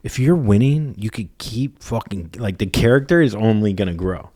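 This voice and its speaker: A man's voice: lowish voice, lively intonation, moderate pace, mellow. Blunt, profane young man riffing. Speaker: podcast co-host. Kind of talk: casual comedic chat.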